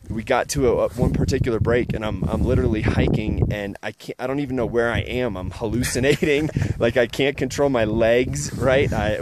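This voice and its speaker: A man telling an emotional story outdoors on a mountain summit, earnest and halting, often repeating himself. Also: lowish voice, very noisy. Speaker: vlogger.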